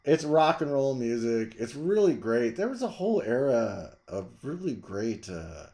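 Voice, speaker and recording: A middle-aged man, the host, chatting casually and rambling about his record collection, jumping to loud emphasis. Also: mid-range voice, big pitch swings, measured pace. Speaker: vlog host reviewing records.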